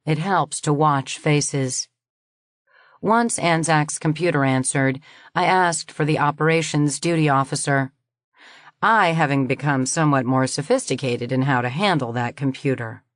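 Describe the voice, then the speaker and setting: A woman narrating a science fiction audiobook in the first person, reading in a measured, even way. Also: sits low, dry recording, clean studio sound.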